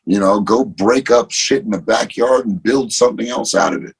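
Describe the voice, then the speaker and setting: A man, a guest in a casual interview, telling animated stories and swearing freely. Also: on the low side, normal speed, gravelly, breathy edge, low-quality recording. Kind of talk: casual chat.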